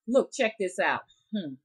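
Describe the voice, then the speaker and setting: A woman's voice: medium pitch, slightly rough, rough recording. A woman from the American South with a Southern drawl, telling folk tales in a rambling, chatty way straight to her viewers. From Southern United States. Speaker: rootworker storyteller. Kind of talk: casual storytelling vlog.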